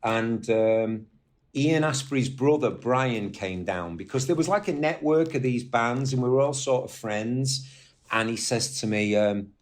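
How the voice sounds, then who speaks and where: A man from northwest England telling rambling, animated stories as a guest on an interview podcast, swearing now and then. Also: medium pitch, unhurried. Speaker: guest musician. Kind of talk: casual storytelling interview.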